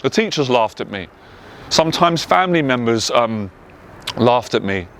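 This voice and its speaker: A man's voice: mid-range voice, very animated, normal speed, slight background noise. A man with a London accent, a motivational speaker telling his personal story in an earnest, emotional way, stacking up repeated emphatic phrases. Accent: London English. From England. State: tearful at times. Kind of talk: personal testimony monologue.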